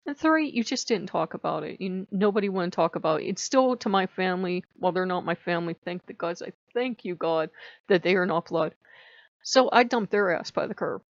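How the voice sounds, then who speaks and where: A woman's voice: fairly low pitch, animated, a little fast, no room sound. Blunt, confessional middle-aged woman, dull lo-fi. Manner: blunt and confessional, swears freely. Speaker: spiritual vlogger. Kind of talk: candid personal storytelling. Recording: dull lo-fi home recording.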